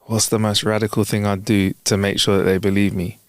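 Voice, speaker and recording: A man's voice: fairly low pitch, little pitch movement, a little fast, dry recording, studio quality. A young man with a London accent, co-hosting a podcast, telling stories animatedly and swearing freely. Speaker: podcast co-host. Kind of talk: casual chat, anecdote telling.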